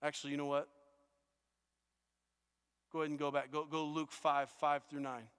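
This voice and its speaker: A male pastor preaches with earnest urgency, his voice sitting a little high for a man. He trips over words and repeats them as he restarts thoughts. A long reverb from the church hall trails behind every phrase. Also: flat delivery, moderate pace, a bit bright, smooth. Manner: earnest, with frequent stammered restarts and repetitions. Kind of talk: sermon. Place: church auditorium.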